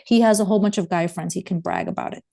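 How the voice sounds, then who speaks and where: A woman's voice: fairly low pitch, huge pitch swings, fast talker, creaky, dark tone. A mother speaking as an interview guest, urging parents with emphatic, repeated warnings. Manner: emphatic, urgent, repeats points. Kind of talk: interview conversation.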